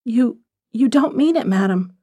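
A woman's voice: fairly high pitch, unhurried, a little mellow, dry recording, clean studio sound. A woman reading aloud and voicing a poor, thin young woman who pleads timidly in a sighing, stammering voice.

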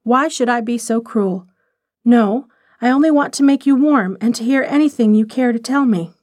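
Woman narrator doing a wealthy, impulsive young society lady in a storybook reading; eager, higher voice, dry close sound. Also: normal speed, darkish tone, no echo, natural voice.

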